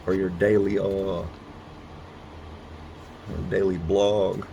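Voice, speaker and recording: Slow-talking low-voiced man. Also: little pitch movement, gravelly, dark tone, highs cut off, slight background noise. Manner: rambling, halting, fillers and restarts. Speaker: vlogger. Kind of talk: casual storytelling; reading a devotional aloud.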